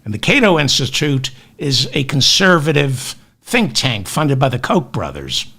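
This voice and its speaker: A man's voice: mid-range voice, very animated, normal speed, creaky, bright, forceful tone, slightly rough. A man hosting a comic news podcast, sardonic and exasperated, mixing rants with asides into his webcam. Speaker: podcast host. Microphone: webcam with automatic tracking.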